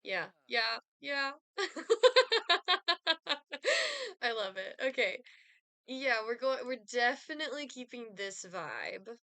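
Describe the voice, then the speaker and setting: A woman's voice: on the high side, lively intonation, a little slow, pushed and bright, no echo. A young woman streaming a life-sim game, chatting casually with lots of fillers and giggles. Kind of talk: casual gameplay chat.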